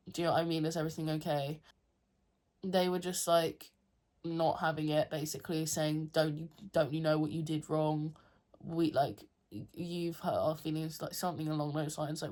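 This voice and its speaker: A young woman telling a personal story to camera in a chatty, filler-heavy way. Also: lowish voice. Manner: chatty, frequent "like" fillers, emotional retelling. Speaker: vlogger.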